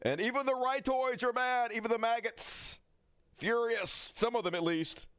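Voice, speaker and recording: A man's voice: very high-pitched, moderate pace, fairly bright tone, clean tone, no echo, studio quality. Angry ranting male streamer. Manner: angry, profane, sarcastic. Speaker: livestream host. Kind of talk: political commentary rant.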